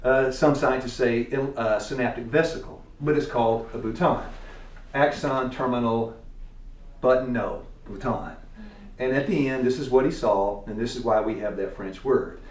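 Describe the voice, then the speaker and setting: A man's voice: mid-range voice, moderate pace. A man with a Tennessee accent teaching a church class, quizzing his students in a folksy way and chuckling often. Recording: echoey room, distant mic.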